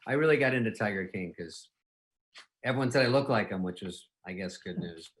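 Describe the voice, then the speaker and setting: A male interviewer in a loose, joking conversation, laughing easily and slipping into little acted-out quotes. His pitch sits in the middle of the male range but swings widely, up and down, as he talks. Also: expressive, brisk. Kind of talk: casual comedic chat.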